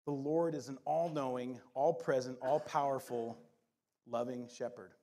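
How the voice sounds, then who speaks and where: A middle-aged man preaching a sermon as pastor, mixing scripture reading with playful humor and quick jokes. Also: medium pitch, fairly even intonation, dark tone.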